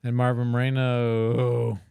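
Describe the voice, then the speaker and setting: A man's voice: medium pitch, monotone, slow, vocal fry, darkish tone, clear, resonant tone, no echo. A man co-hosting a casual livestream, joking crudely and laughing often as he reacts to clips.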